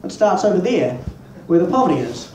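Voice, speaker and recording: Deadpan New Zealand comic in an echoey pub. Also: male voice, high-pitched, a little fast. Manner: deadpan, profane, self-mocking. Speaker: stand-up comedian. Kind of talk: stand-up comedy set. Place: small pub stage. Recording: echoey pub room, mic far off, noisy.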